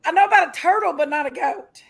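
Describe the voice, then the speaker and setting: A woman's voice: very high-pitched, fast talker, creaky. A woman, the host's sister, mischievously trolling with gossip in a casual live chat.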